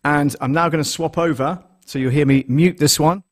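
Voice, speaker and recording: Counting numbers into a close desktop condenser mic, a man rambles and thinks aloud as he sets up gear for a casual live stream. He speaks at a moderate pace in a fairly high, steady tone. The setting is a small studio with a mixing desk.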